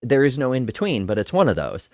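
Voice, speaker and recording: A man's voice: medium pitch, very animated, fast, darkish tone, no room sound, studio quality. A man from the Northeastern US hosting a casual debate review chat, telling stories and laughing often. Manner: chatty, storytelling, laughs often. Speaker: host.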